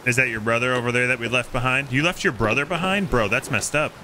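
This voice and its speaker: A man's voice: mid-range voice, fast talker. A man streaming a game, chatting casually and teasing the other players. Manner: playful, teasing. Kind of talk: casual gameplay chat. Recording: game stream with clear background noise.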